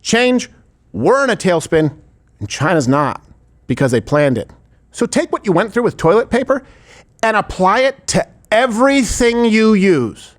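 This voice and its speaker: Animated sarcastic male political host. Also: high-pitched, normal speed. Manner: animated, sarcastic, rhetorical questions. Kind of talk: political commentary chat.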